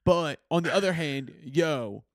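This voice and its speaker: Young man, podcast host, casual joking, slightly high voice, dry sound. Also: measured pace, no room sound. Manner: laid-back, joking, swearing. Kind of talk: casual video chat. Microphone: video call.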